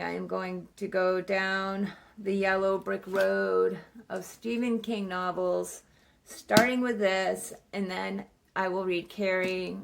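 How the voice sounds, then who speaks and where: Rambling, gravelly-voiced woman vlogger. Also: lowish voice. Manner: rambling, swears freely, says "like" a lot. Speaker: book vlogger. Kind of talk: casual book review chat.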